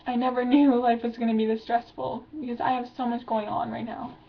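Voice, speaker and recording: A woman's voice: a little high, little pitch movement, a little fast, gravelly, lo-fi sound. Stressed teenage girl rambling on webcam. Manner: rambling, filler-heavy, anxious venting. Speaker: vlogger. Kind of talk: confessional video diary.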